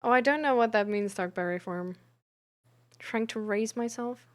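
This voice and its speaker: A woman streamer and peer support coach, chatting frankly and reflectively with her audience, pausing often with fillers. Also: on the high side. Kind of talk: casual live-stream chat about mental health.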